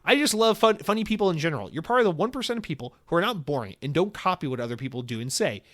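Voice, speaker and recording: A young man hosting a solo podcast, telling a story in a profane, excitable rant with sudden loud outbursts. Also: fairly high pitch, very fast. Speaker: podcast host.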